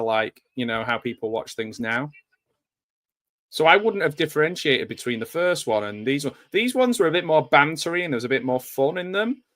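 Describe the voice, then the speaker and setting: A man's voice: mid-range voice, a bit bright. A man giving a casual, rambling live commentary while watching a movie, drifting into nostalgic asides. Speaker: film commentator.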